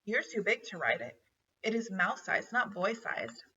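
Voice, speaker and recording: A woman's voice: mid-range voice, sing-song, moderate pace, bright, forceful tone, breathy edge, exaggerated voice. A woman reading aloud and voicing a bold, impatient young male mouse who talks in an indignant, businesslike way. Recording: dull, distant home recording.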